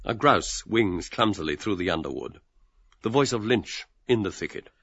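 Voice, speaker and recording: A man narrating the stage directions of a radio play in a measured, precise reading. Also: fairly low pitch, animated, a bit bright, slightly rough, highs cut off.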